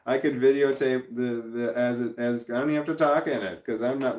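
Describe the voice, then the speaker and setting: Reading out viewer comments on his livestream, a man in his forties swears, rambles and keeps interrupting himself. He talks a little fast with hardly any pauses, in a mid-range, darkish voice with fairly even intonation. A front-facing camera picks him up in an echoey room.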